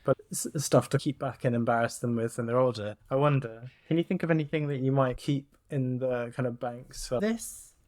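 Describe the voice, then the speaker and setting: A man of average pitch chats on a podcast and thinks aloud with easy fillers. The sound is close and dry, with no room around it. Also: moderate pace, few pauses, darkish tone, no echo. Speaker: podcast co-host. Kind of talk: casual chat.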